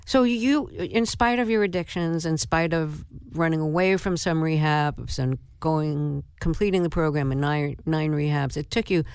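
A woman hosting a radio interview, speaking in a deliberate, measured way with halting pauses. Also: sits low, darkish tone, smooth, no echo. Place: radio studio. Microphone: studio microphone.

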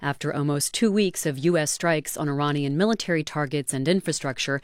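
A woman reading a radio newscast in a measured, formal delivery. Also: sits low, dry recording, studio quality.

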